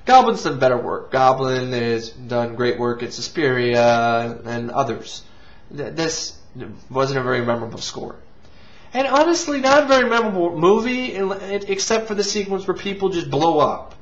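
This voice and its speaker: A man's voice: medium pitch, animated, normal speed. A man hosting a casual movie review, rambling with restarts and casual swearing. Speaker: movie reviewer and show host. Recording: lo-fi, dull sound.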